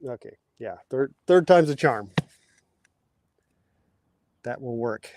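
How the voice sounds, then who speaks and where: Speaking slowly and expressively in a slightly mellow, medium-pitched voice, a man hosts a laid-back livestream outside while digging post holes. He chats with viewers, reads their comments out, and is occasionally out of breath.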